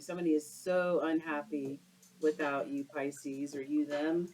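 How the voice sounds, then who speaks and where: Slow, low-voiced woman tarot reader. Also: level tone, a little mellow, rough recording. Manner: exclamatory, slangy, talks to viewers. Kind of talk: casual tarot reading.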